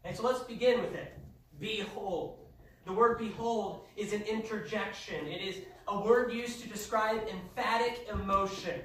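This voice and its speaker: High-voiced man preaching in echoey church. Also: fairly even intonation, normal speed, hardly any pauses, distant mic. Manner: emphatic preaching, rising to shouts. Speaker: pastor. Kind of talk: sermon. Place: church sanctuary. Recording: echoey church heard from afar.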